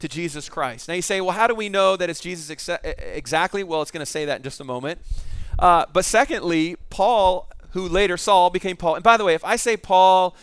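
A man's voice: sits high, a little fast, a bit bright, clear, resonant tone, no echo. A middle-aged male pastor preaching a sermon, telling the story with animation and acting out the voices in it.

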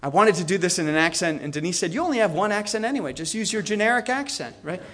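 High-voiced man giving a lively lecture. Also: quick pace. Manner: storytelling, acts out quotes with shifts in pitch. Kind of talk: animated history lecture.

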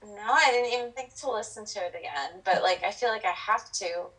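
A woman co-hosting a podcast in casual chat, reacting with quick exclamations and questions. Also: medium pitch, expressive, fairly bright tone, recorded from a distance, rough recording. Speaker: podcast co-host.

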